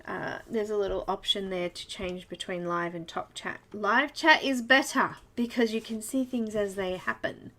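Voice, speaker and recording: A woman's voice: mid-range voice, moderate pace, few pauses, pushed and bright. A woman with an Australian accent hosting a casual live coloring stream, chatty and giggly, greeting viewers one by one by name.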